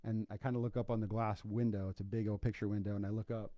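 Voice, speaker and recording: Relaxed, low-voiced man telling a faith story. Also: fast talker, no echo. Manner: casual, conversational, folksy with fillers and asides. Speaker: podcast host.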